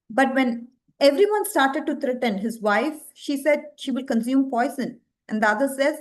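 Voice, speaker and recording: A woman telling a devotional story as a lecture, expressive and asking her listeners rhetorical questions. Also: sits high, normal speed.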